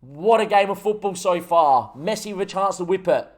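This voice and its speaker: Excitable Australian man commentating his game. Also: high voice, moderate pace. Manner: excitable, shouts at goals, talks to chat. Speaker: gaming streamer. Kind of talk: live commentary over a football management game.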